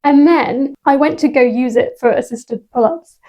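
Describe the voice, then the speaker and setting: A young fitness vlogger chats to camera about her week, holding a clip-on lapel mic in her hand. Her voice is high and warm, her pace moderate, and she's casual and self-deprecating, often laughing at herself.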